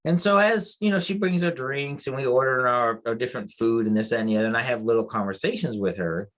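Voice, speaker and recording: A man's voice: medium pitch, fast talker, a bit bright. A man on a veterans' podcast telling a story in a casual, rambling way, full of restarts and moved by emotion. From United States. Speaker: podcast co-host, mental health advocate.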